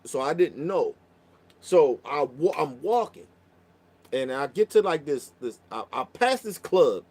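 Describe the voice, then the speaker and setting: Man, somewhat high-pitched, casual storytelling, profane, rambling, lots of restarts. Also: lively intonation, unhurried, a little mellow. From Baltimore.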